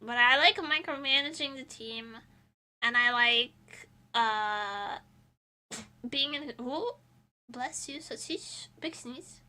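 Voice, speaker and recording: A woman's voice: a little high, slow, sharp tone. A woman streamer chatting casually while she draws, rambling and laughing often between thoughts.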